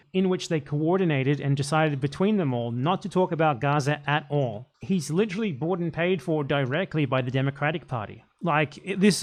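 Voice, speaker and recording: Excitable profane man ranting live. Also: a little high. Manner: blunt, profane, excitable rant. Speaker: streamer reacting to a video. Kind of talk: casual live commentary.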